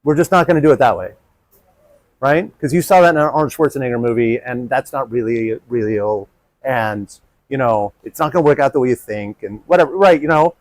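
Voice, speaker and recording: A man giving a live workshop talk to a group. He speaks animatedly and acts out his inner child in a higher voice. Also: lively intonation, fairly quick, no echo, rough recording.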